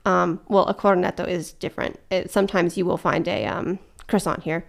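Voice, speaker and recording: A young woman co-hosting a casual chat, easygoing and quick to laugh. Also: lowish voice, fairly even intonation, gravelly. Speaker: podcast co-host.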